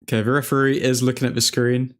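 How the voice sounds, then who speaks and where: A man hosting a live football watchalong, reacting to each chance with loud excitement and grumbling at the referee. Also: medium pitch, fast talker. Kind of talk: live match commentary.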